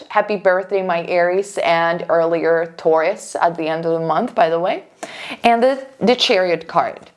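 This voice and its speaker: A woman giving a casual pick-a-card tarot reading as a psychic, chatty and emphatic, with fillers and restarts. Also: medium pitch.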